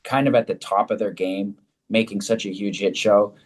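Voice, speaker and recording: Easygoing male actor guest, lowish voice, rambles and restarts. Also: steady tone, normal speed. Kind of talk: casual interview answers.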